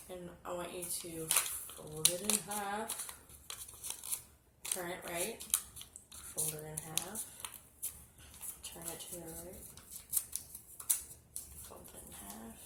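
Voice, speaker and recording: A woman casually showing a candle spell step by step, chatty and often dropping to a hushed murmur. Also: fairly low pitch. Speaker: spiritual vlogger. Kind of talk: casual how-to demonstration. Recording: echoey room with background noise.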